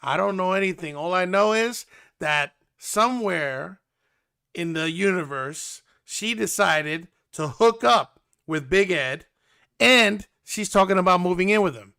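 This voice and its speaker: A man hosting a casual reality-TV recap, animated and sarcastic in a gossipy way. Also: high voice, unhurried, gravelly, clear, resonant tone. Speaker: host.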